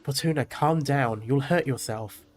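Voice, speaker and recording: A man's voice: medium pitch, a little slow, soft background music, natural voice. A man reading as a protective, worried young man. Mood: urgent. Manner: reading the lines aloud, mostly plain.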